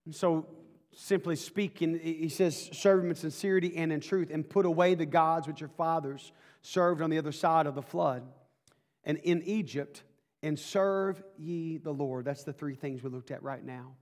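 High-voiced preacher in a reverberant church. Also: male voice, moderate pace, a little mellow. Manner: folksy, builds to fervent preaching. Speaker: pastor. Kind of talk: sermon.

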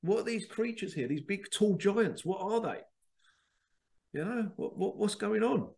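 A man's voice: high-pitched, animated, measured pace, creaky, darkish tone, pitched above the performer's own voice, heavily acted. A man voicing a curious, bewildered male crab who has just been hoisted out of a bucket into a strange world. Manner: wide-eyed, questioning.

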